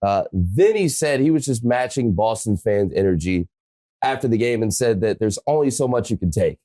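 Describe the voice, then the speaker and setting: A man's voice: lowish voice, lively intonation, dark tone, dry recording, clean studio sound. A man co-hosting a sports talk show who casually sets up topics and asks the questions. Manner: prompting questions, quick agreeing replies. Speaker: co-host.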